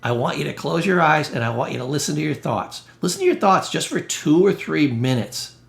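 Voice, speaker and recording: A man's voice: fairly high pitch, big pitch swings, a little fast, vocal fry, a bit bright. A man, a therapist, giving a blunt, emphatic motivational self-help talk with punchy, salty humor. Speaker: therapist and educator. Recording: roomy echo.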